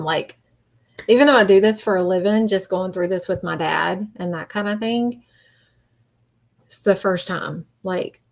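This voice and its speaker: A woman hosting a casual livestream, talking in a halting, rambling way and greeting viewers by name. She is emotional and close to tears. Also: fairly low pitch, creaky. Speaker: livestream host.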